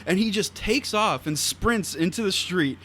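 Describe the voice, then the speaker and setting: A young man, a podcast guest, telling stories in casual chat, animated and laughing often. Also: high-pitched, a little slow. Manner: animated storyteller, laughs through his stories. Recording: noisy background hiss.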